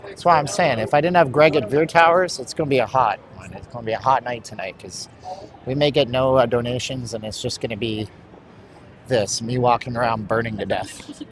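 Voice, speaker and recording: A man's voice: mid-range voice, brisk. A man live-streaming while walking outdoors on a hot city street, bluntly rambling to his chat. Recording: street traffic noise.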